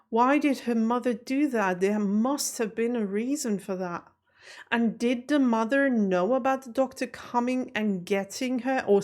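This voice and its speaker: Slow-talking chatty woman, higher voice. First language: not English. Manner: rambling, many rhetorical questions, nervous laughs. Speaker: reaction video host. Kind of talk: casual chat to camera. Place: home office at night.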